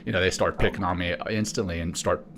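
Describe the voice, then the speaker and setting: A man's voice: low voice, steady tone, quick pace, fairly bright tone. A middle-aged man from South Africa, co-hosting a podcast and telling a personal story in a conversational way. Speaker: podcast co-host. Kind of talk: casual podcast chat.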